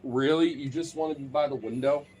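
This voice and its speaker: A man's voice: steady tone, fairly quick, dark tone, slight background noise. A man talking casually and playfully to his dogs in a vlog, teasing them and swearing lightly. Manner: playful, teasing, swears casually, jumps into high baby-talk pitch with the dogs.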